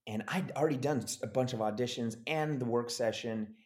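A man telling a story in a casual interview, animated and acting out the voices of the people in it. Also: mid-range voice, a little fast. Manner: animated, acts out quoted voices. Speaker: actor guest.

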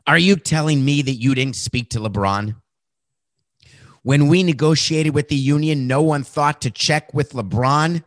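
A man impersonating a panicked league commissioner who pleads and scolds in a raised, louder voice. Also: on the high side, a little slow, dry recording, clean studio sound, voice pushed up, lightly acted. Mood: exasperated. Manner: frantic, pleading.

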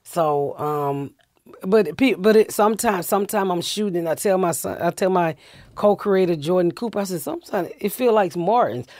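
Profane, animated Southern woman storyteller. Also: fairly low pitch, moderate pace, no echo. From United States. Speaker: comedian guest. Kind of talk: casual storytelling.

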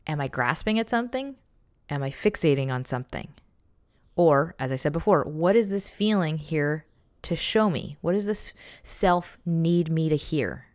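Low-voiced woman giving reflective advice. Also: dry recording. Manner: reflective and conversational, with frequent restarts. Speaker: journaling guide. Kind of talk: casual self-help talk.

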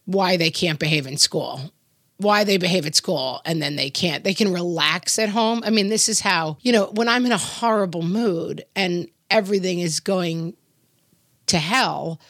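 Middle-aged female co-host, low-pitched, animated storyteller, dry studio sound. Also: normal speed, no echo. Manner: animated storyteller, acts out quoted voices. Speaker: podcast co-host. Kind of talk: casual conversation.

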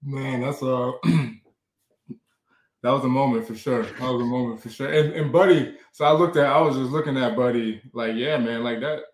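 A man in his thirties, a pro football player, answering as a guest in a relaxed, easygoing way. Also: medium pitch, moderate pace, echoey room. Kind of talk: casual interview talk.

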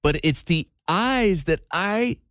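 Lively man co-hosting a chat show. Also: sits high, takes it slowly, no echo, clean studio sound. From Iowa. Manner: animated, storytelling. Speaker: podcast co-host. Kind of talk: casual chat.

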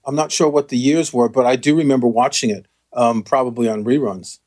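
A man's voice: medium pitch, fairly even intonation, a little fast, a little mellow. Guy cohost explaining stuff, lots of ums, kinda wry. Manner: explanatory, with fillers and restarts, wry. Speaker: co-host. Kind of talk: casual chat.

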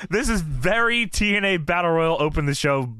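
A man's voice: on the high side, fairly quick, clean tone. A man casually recapping a wrestling show, swearing a lot and retelling the promos with laughter. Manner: profane, laughing, animated retelling with impressions. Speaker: podcast co-host.

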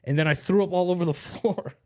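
A man's voice: sits high, fast talker. A young man hosting a podcast, telling a long story in casual chat, rambling and profane with lots of slang. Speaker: podcast host.

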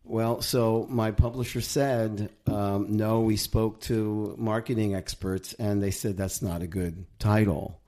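A man's voice: on the low side, steady tone, takes it slowly, hardly any pauses, dark tone. A man, an author and guest, speaking thoughtfully in a reflective conversation.

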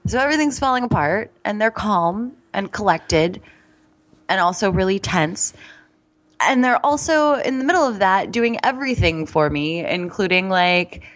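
A woman guest in a candid, casual conversation, frank and quick-witted with laughing asides. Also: mid-range voice, lively intonation. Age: adult.

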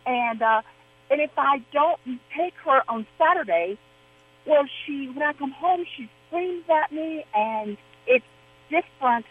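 A woman's voice: high-pitched, lively intonation, measured pace. A woman phoning in to a radio show with a question about her pet, chatty and rambling, restarting her sentences as she goes. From Arizona, USA. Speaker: caller. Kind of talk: phone-in question. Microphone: telephone. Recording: dull lo-fi phone line.

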